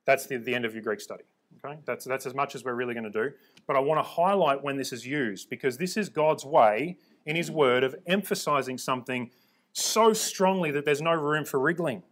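A man's voice: medium pitch, fairly quick, a bit bright. A man preaching and teaching from the Bible, emphatic, repeating words for stress and checking in with his listeners.

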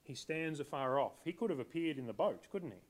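A man's voice: a little high, expressive, brisk. Conversational male preacher. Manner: conversational, asks the congregation questions. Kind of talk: sermon.

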